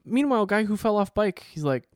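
Male co-host, expressive and joking, lively delivery, dry mic. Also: sits high, a little fast, dry recording. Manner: animated, acts out quoted voices, joking. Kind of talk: casual chat.

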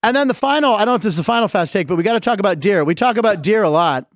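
A middle-aged man hosting a casual comedic sports talk show, rambling through jokes and quick asides. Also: sits high, expressive, no room sound, clean studio sound. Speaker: host.

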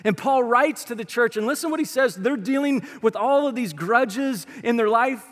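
A man with a high, bright-pitched voice preaches a sermon, speaking to his congregation in a loose, everyday way. The sound rings with a long reverb, as in a big church hall. He talks like a pastor chatting with friends rather than reciting. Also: expressive, moderate pace. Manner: conversational and colloquial, addressing the congregation directly.

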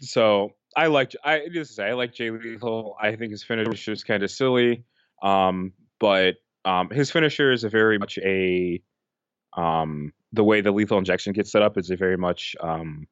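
A man's voice: lowish voice, normal speed, fairly bright tone, smooth, no room sound, muffled recording. A man co-hosting a podcast in casual chat, rambling with many fillers and restarts. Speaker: podcast co-host.

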